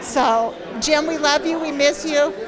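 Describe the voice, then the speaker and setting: A woman's voice: sits high, unhurried. A woman at a party telling a fond, emotional story about a late friend and laughing between sentences. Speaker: party guest sharing memories. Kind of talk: casual spoken tribute. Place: indoor party venue. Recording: busy party crowd behind.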